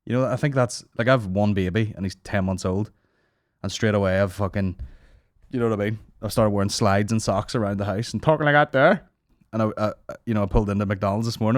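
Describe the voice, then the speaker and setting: A man in his thirties hosts a comedy podcast, ranting at a brisk clip in a fairly low voice, rambling and sarcastic and swearing nonstop. He's on a studio microphone, and the recording is dry.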